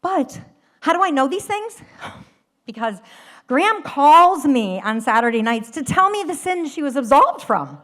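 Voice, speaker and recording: A woman telling a funny personal story live on a theater stage, animated and laughing at her own lines. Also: high voice, a little slow.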